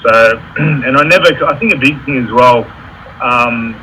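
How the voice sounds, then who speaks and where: A man's voice: mid-range voice, fairly even intonation, moderate pace, sharp tone, a little hiss or hum, poor audio. A man, an electrical contractor telling candid stories about running his business in a casual interview. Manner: candid, storytelling with reenacted quotes.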